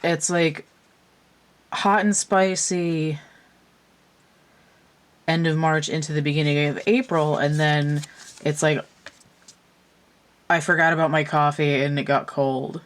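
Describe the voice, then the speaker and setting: A woman's voice: deep voice, little pitch movement, slow, long pauses. Rambling woman giving a tarot reading. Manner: rambling, thinks aloud with asides. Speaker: tarot reader. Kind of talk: casual tarot reading commentary.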